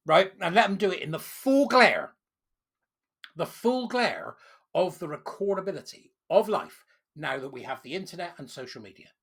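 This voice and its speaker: A man's voice: fairly high pitch, lively intonation, brisk, gravelly, fairly bright tone, breathy edge. A man giving sarcastic, indignant solo commentary, full of rhetorical questions. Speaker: political commentary host.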